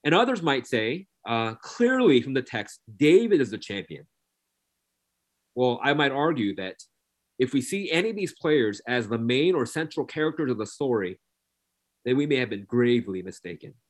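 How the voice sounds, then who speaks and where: A man's voice: mid-range voice, sing-song, moderate pace. A man preaching a sermon who reads scripture aloud and repeats key phrases for emphasis.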